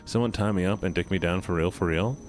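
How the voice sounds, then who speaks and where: A man's voice: deep voice, fast, a little hiss or hum. A man chatting casually on a stream in a goofy, playful, singsong way. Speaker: streamer guest and voice actor.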